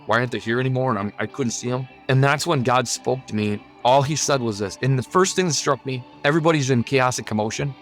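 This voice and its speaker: A man's voice: medium pitch, fairly quick, few pauses, faint music behind. A man telling his own near-death story in an earnest, vivid and emphatic way. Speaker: guest sharing a near-death testimony. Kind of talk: personal testimony storytelling.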